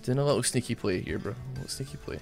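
A man's voice: mid-range voice, fast, creaky, darkish tone, soft background music. A young man giving casual, jokey gameplay commentary, rambling and poking fun at himself. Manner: rambling, jokey, self-mocking. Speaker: gaming streamer.

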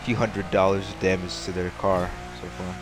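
This young gaming streamer talks at a moderate pace in a low-sitting voice with flat delivery. Playing a racing game with its music behind him, he rambles casually, pokes fun at himself, and laughs often.

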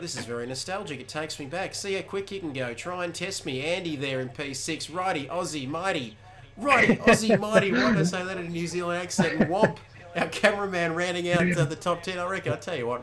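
Guy on a headset calling a sim race, chatty and upbeat. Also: medium pitch. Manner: energetic, chatty play-by-play. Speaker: race commentator. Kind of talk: sim racing commentary.

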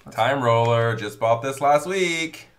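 A man's voice: medium pitch, takes it slowly. A man hosting a live board game session, joking with the table and explaining the rules and what comes next. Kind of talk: casual chat while playing a board game.

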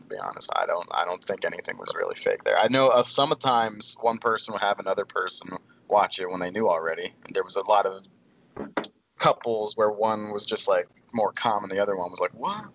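A man with a lowish voice talks through a point at length, hedging with filler as he goes. The recording is dull with a faint hiss behind it. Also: lively intonation, fast, vocal fry, a bit bright. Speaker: podcast co-host. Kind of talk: casual chat.

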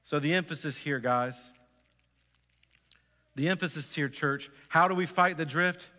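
A man preaches a sermon in a church sanctuary, his voice bright and forceful and set a little high. He speaks earnestly and exhorts his listeners, often asking them direct questions. The sound carries a long reverb from the hall. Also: a little slow. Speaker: pastor.

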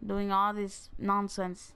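A young woman giving casual, excitable gameplay commentary, joking and talking straight to her viewers. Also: medium pitch, slow, clean tone. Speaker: gaming video creator.

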